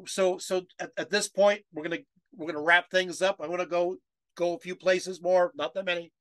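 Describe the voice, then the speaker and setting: High-voiced man lecturing on a video call. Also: a bit bright, dry recording. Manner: emotional, chokes up while reading quotes; many fillers and restarts, asks the audience rhetorical questions.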